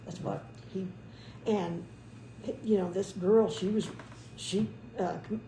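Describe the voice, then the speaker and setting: A woman speaking casually and hesitantly, with frequent pauses and restarts as she recounts a story. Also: mid-range voice, steady tone, roomy sound, noisy background. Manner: hesitant, many fillers and restarts. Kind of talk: casual conversation.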